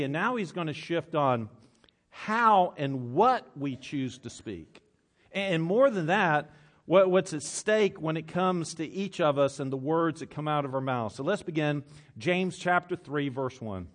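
A man's voice: a little high, fairly bright tone. A male pastor giving a conversational sermon to a congregation, often restarting his phrases and reading scripture aloud. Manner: conversational, self-correcting, reads old scripture aloud. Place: church with congregation.

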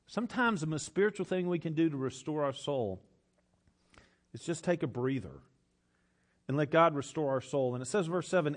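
A man's voice: fairly high pitch, a bit bright. A male pastor preaching a sermon, emphatic, repeating phrases for effect and laughing often.

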